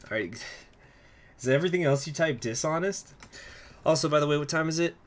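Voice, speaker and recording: A man's voice: fairly high pitch, a little fast. A young man streaming a strategy game live, chatting in a rambling way and reacting aloud to what happens on screen.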